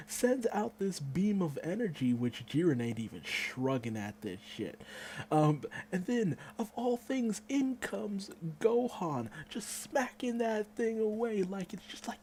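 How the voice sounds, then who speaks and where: A man giving a casual, excitable manga chapter review, swearing freely and acting out the characters' lines. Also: sits high, unhurried, a little hiss or hum.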